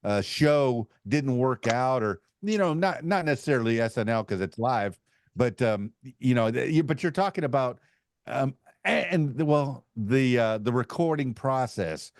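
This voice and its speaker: A man's voice: medium pitch, lively intonation, normal speed, no echo, studio quality. A man chatting on a podcast who rambles, with many fillers and false starts. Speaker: podcast panelist. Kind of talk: casual chat.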